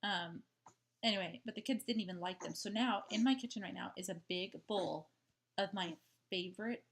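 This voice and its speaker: A woman chatting casually at home in a video diary, rambling with lots of "like" and "um". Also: lowish voice. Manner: rambling, full of "like" and "um" fillers. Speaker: vlogger. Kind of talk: casual diary-style chat.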